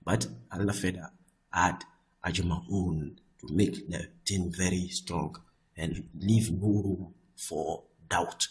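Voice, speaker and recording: A man teaching Arabic grammar, often repeating himself and checking with "I hope that is clear.". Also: low-pitched, fairly even intonation, measured pace, low-quality recording. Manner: restarts and repeats words often. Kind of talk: explaining Arabic grammar on screen.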